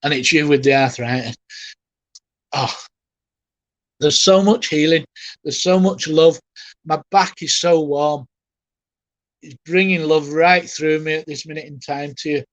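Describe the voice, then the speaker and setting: A man with a fairly high voice gives a live mediumship reading, speaking gently and haltingly as his emotion rises. He softly reassures the person he is addressing. The sound is dry and close, with no room around it. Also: dry recording. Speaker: spiritualist medium.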